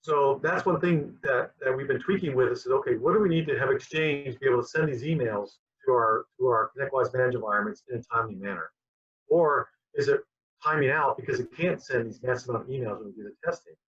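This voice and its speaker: Dull lo-fi audio captures a guest QA director in a conversational interview, speaking quickly in a mid-range voice that's a bit bright and husky. He tends to ramble and repeat his words.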